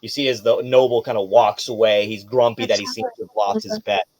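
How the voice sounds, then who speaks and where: A man's voice: mid-range voice, very animated, brisk, darkish tone, dry recording. A man running a tabletop game as game master, narrating loosely with casual swearing.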